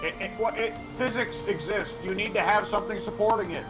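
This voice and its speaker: High, wry man over loud game music. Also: fairly quick. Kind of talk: casual gaming chat.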